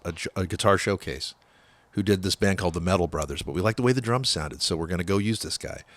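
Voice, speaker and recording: A man's voice: deep voice, no room sound. A man telling a long rambling story in a casual interview, swearing freely and acting out what people said. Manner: profane, rambling, acts out quoted dialogue. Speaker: guest musician.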